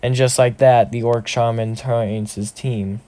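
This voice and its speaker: A man tells a fan-fiction story in a casual, rambling way. He often stops to correct himself mid-sentence. His voice sits at an ordinary middle pitch. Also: fairly even intonation, unhurried, warm tone.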